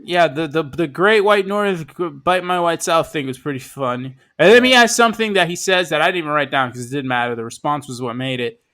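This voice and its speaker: A man co-hosts a casual podcast with a bright, fairly high voice. He talks with eager enthusiasm, swears freely, and fires off quick jokes. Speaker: podcast co-host.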